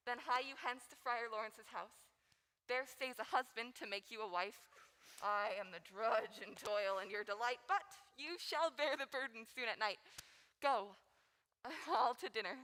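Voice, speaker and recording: A woman's voice: fairly high pitch, a little slow, bright, forceful tone. A young woman acting a rambling, teasing old nurse in a school stage play. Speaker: high school stage actor. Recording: school hall reverb.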